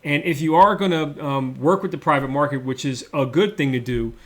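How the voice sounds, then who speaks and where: A man's voice: a little high, fairly quick. A middle-aged man and former mayor walking through slides in an explanatory policy talk, repeating words for emphasis with frequent fillers. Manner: repetitive, emphatic, many fillers.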